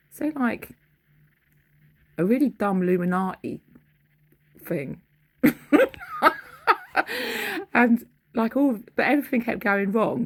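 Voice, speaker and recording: A middle-aged woman talks in a meandering, casual way, stopping to hunt for words. Her voice sits low and has a husky, gravelly texture. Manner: meandering, loses her thread, searches for words. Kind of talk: rambling casual monologue recounting a dream.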